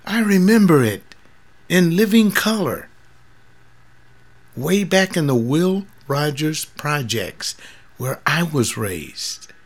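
Slow, gravelly older man. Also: fairly high pitch, animated. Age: 70s. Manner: measured, reminiscing, plainspoken. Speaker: retired pastor and radio host. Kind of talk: reflective radio talk. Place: studio.

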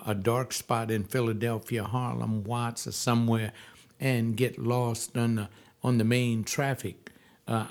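An older man speaks as a pastor, letting personal recollections drift from one thought to the next. His delivery is loose and digressive, full of restarts and asides. He sits at an ordinary middle pitch. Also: a little mellow. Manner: rambling, digressive storytelling with many restarts. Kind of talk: reflective personal monologue.

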